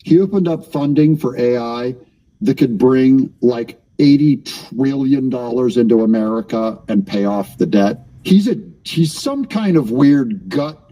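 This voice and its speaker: A man's voice: medium pitch, expressive, unhurried, warm tone, rough recording. A man hosting his own commentary channel, talking back at clips in a mocking, sarcastic way.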